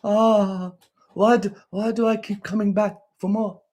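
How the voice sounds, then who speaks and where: A man voicing a whiny, self-pitying male hater in a high, moaning put-on voice. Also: little pitch movement, unhurried, darkish tone. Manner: high whining, moaning and sighing.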